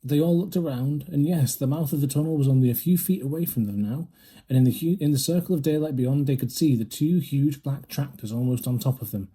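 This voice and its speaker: A man narrating a children's storybook aloud with a steady, lively manner. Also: medium pitch, a little fast, husky. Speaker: reader.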